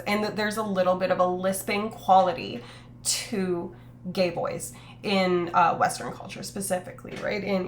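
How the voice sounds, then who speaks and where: Woman streamer, casual rambling chat, mid-range voice, faint hum underneath. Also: medium pitch. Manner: rambling, many fillers and self-corrections; reads chat aloud and reacts.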